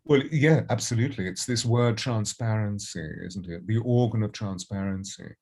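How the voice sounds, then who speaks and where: An older man with a fairly low voice, speaking as a voice coach in an interview. He answers expansively and reflectively, with long, flowing sentences. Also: moderate pace, a little mellow. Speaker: voice and presence coach.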